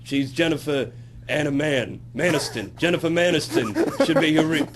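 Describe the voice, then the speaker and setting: A man's voice: fairly high pitch, moderate pace, crowd noise, close to an everyday voice. A man playing a sleazy old-time comic who brags crudely, in raunchy roast banter. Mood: boastful. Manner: brash, crude, self-interrupting with laughs. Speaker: guest comic character. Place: strip club, via satellite.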